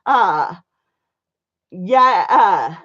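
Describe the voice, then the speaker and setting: A woman's voice: medium pitch, big pitch swings, drawn-out words, a bit bright. A woman chatting casually with her viewers while she paints on a live stream, greeting them by name and talking in loose, friendly sentences full of fillers. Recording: dull lo-fi stream audio.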